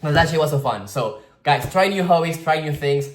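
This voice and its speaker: A man's voice: fairly high pitch, lively intonation, normal speed, slight background noise. A man vlogging in a casual, rambling way, swearing freely and filling his talk with "like.". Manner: rambling, slangy, swears freely, many "like" fillers. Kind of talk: casual storytelling vlog. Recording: roomy echo with guitar music behind.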